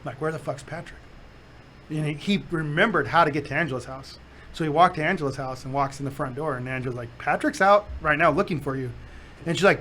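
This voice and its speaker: A fast-talking man with a fairly high voice hosts a podcast, chatting casually and telling animated stories. He voices the quotes himself and laughs frequently.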